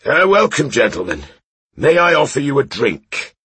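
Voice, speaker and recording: A drunk, disgraced knight, slurring and wistful, rising well above a man's usual deep register. His voice swings widely in pitch and sounds a bit husky, recorded close and dry. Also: wildly swooping pitch, normal speed, bright, forceful tone, no room sound, heavily acted. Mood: tipsy.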